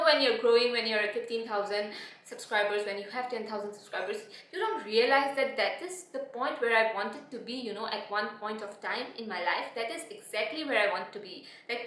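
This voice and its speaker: A young adult woman vlogger talking to camera, heartfelt and emotional, halting with many restarts and fillers. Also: fairly high pitch, a bit bright. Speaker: beauty vlogger. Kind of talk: reflective talk to camera. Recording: echoey room.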